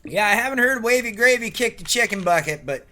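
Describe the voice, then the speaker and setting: A man's voice: high voice, expressive, fairly quick, bright, forceful tone. A man hosting a stream, chatting casually with jokes and swearing as he rambles about music and games. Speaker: streamer and show host.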